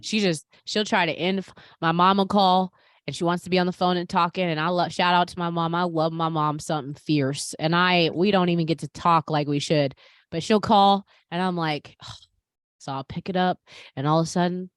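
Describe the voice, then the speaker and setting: Woman podcast host, casual chat, animated, dry close sound. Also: lowish voice, normal speed, no room sound. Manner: animated, talks to listeners as "you guys".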